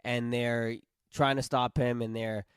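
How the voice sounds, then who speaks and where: A man guesting on a podcast as a film critic, relaxed as he recaps the plot in casual chat. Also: medium pitch, a little slow, smooth, dry recording, clean studio sound.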